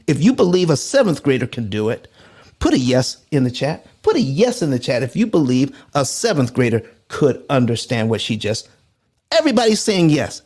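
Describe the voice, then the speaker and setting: A man with a fairly high voice hosts a live finance show. His pitch swings widely as he rallies viewers and reads their comments aloud. He often repeats himself while he works through the numbers. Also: darkish tone. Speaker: host.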